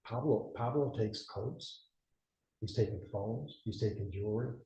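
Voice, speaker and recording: A man's voice: lowish voice, unhurried, mellow, roomy sound, distant mic, low-quality recording. A male judge telling a chatty anecdote on a video call, acting out the people he quotes. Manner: chatty storyteller who acts out quotes. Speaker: district judge. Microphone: video call, away from the mic.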